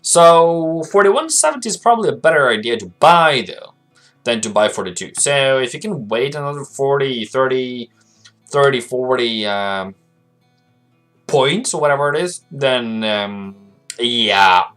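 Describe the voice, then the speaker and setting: Faint music plays as a medium-pitched, expressive man with a fairly bright tone hosts a casual trading livestream at an unhurried pace. The forex analyst chats loosely in a rambling way and reads viewer messages aloud.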